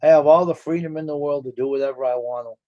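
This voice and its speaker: A man's voice: on the high side, fast talker, warm tone. Blunt, boastful man on a lo-fi stream. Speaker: live stream host. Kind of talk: casual chat. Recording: dull lo-fi stream audio.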